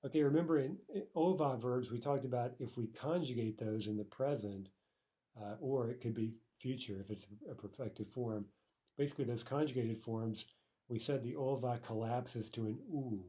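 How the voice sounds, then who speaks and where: Male instructor, mellow and relaxed voice, steady mid pitch, patient explainer. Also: normal speed. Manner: explains patiently, often checks in with "right?". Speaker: language teacher. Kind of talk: recorded grammar lesson.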